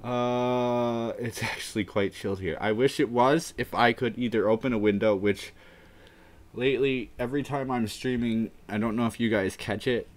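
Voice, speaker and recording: A man hosting a casual live stream, rambling and mumbling his thoughts out loud in a warm indoor room. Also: medium pitch, fairly even intonation, moderate pace. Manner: rambling, mumbling, talking to himself.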